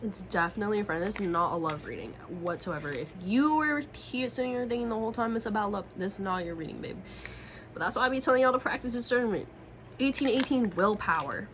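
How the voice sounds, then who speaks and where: Young woman, tarot reader, casual reading, slangy and profane, bright tone, faint background hiss. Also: mid-range voice, lively intonation, brisk, poor audio.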